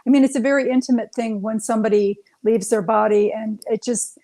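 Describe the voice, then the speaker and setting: Woman interviewer, a bit high pitched, encouraging the guest, casual talk. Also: fairly even intonation, brisk, dark tone, rough recording. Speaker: host.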